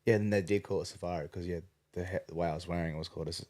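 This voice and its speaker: Deep-voiced rambling man. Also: fairly even intonation, racing, a little mellow. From Australia. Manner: rambling, full of fillers, swears casually. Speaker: guest. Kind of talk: casual chat.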